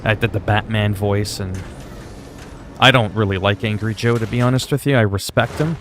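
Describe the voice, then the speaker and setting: A man's voice: lowish voice, steady tone, normal speed, fairly bright tone, slight background noise. A male streamer chatting casually while playing a game, laid-back and rambling, with plenty of swearing. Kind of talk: casual gaming livestream chat.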